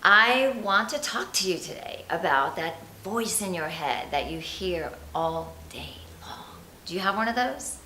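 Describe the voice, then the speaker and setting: A woman's voice: lowish voice, lively intonation, a little slow, roomy sound, low-quality recording. A woman coaching on confidence, talking chattily and animatedly straight to the viewer. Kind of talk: motivational vlog talk.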